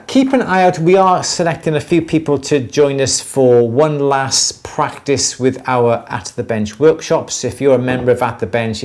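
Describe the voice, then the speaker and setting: A man co-hosts a casual jewellery livestream with a mid-pitched voice. He talks in a loose, rambling way, often restarting and repeating his words. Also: a little mellow.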